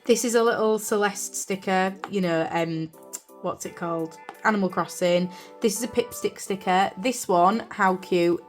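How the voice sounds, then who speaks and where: Filmed indoors in her craft room on a camera on a desk stand, a British journaling vlogger from the UK chats casually with faint music behind her. She speaks in a medium pitch at normal speed, rambling chattily with lots of fillers and apologies.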